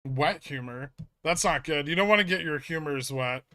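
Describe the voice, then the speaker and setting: Guy streaming about stocks, dry sarcastic delivery, bright tense voice, dead dry sound. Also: on the high side, normal speed, no room sound. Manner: dry, sarcastic, reading and answering chat. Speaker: livestream host. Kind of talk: casual stock trading livestream chat.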